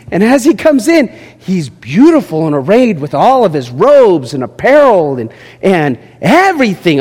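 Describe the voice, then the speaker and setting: A man preaching a sermon, moving between quiet asides and loud, emphatic points. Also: moderate pace. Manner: animated preaching, swinging from low asides to shouted points. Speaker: pastor. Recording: long hall reverb.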